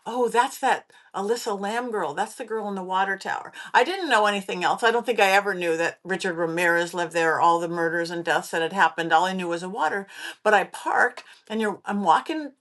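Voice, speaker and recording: Animated woman telling spooky stories. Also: medium pitch, fairly quick. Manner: animated, acts out quoted voices. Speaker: podcast host; psychic medium. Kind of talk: casual spooky storytelling.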